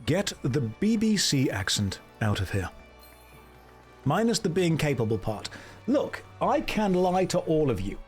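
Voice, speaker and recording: Sarcastic British male streamer, slightly high, quick deadpan banter, faint music. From Britain. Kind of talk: casual livestream commentary.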